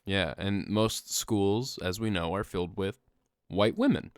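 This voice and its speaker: A young man co-hosting a podcast, telling a comedic story in an animated way, laughing often and breaking into loud yelled bits. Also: lowish voice, a little slow, dry recording, clean studio sound. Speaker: podcast co-host.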